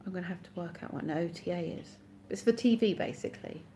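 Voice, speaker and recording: Woman, thirties, casual live-stream chat, mellow tone, faint background noise. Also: on the low side, quick pace. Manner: chatty, reads out and answers viewers' comments.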